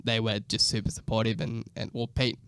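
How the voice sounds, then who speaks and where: A man chatting as a podcast guest about his music, laughing often and playing his younger self in squeaky voices. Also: little pitch movement, a little fast, creaky, fairly bright tone, clear, resonant tone, no echo. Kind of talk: casual podcast chat.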